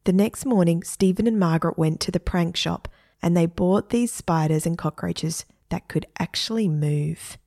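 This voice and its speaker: A woman narrating a children's story expressively, dropping to hushed asides. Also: lowish voice, moderate pace, no echo, studio quality.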